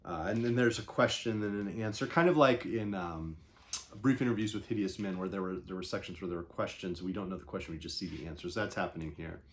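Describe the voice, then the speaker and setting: A man's voice: low voice, slight background noise. Rambling man discussing a book. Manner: rambling, thinks aloud with many pauses; conversational, unscripted. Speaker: book reviewer.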